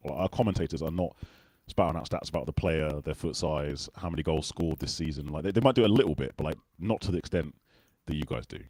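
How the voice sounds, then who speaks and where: A man's voice: very deep voice, quick pace, darkish tone, breathy edge, dry recording. A British man in his forties, hosting a casual livestream chat and teasing his guest over a video call. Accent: British English. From United Kingdom. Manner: joking, teasing banter. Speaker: host.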